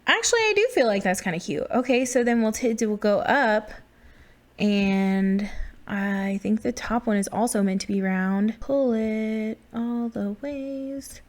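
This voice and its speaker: A woman's voice: a little high, unhurried. Chatty woman narrating a game build. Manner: chatty, self-deprecating, thinking aloud. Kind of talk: casual build commentary.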